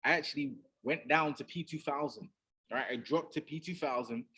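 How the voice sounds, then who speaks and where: Man, business mentor, motivational talk, emphatic, husky voice, keeps saying "right?". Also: on the high side, moderate pace, pushed and bright.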